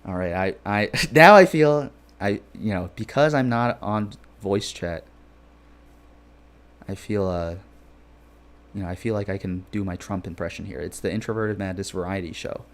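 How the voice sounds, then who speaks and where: A man's voice: lowish voice, moderate pace. Rambling jokey man streaming a game. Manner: rambling, loose, lots of filler phrases; jokey and playful. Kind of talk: casual live-stream chat.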